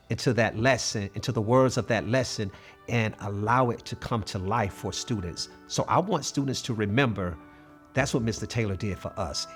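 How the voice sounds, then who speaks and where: A man in his fifties, a math coach, telling stories in an interview in an earnest way and acting out the dialogue. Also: lowish voice. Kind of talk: interview storytelling.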